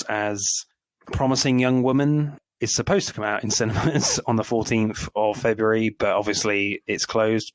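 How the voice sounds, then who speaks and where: A man's voice: fairly low pitch, dry recording. A man co-hosting a casual film review podcast, laughing often between his points. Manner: laughs often, relaxed banter. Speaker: podcast co-host.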